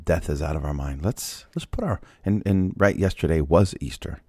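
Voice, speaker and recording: Man with a super deep husky voice doing a devotional bible talk, chatty, lots of questions to listeners, dry close mic. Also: normal speed, dark tone, dry recording. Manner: conversational, rhetorical questions, restarts. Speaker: Bible podcast host.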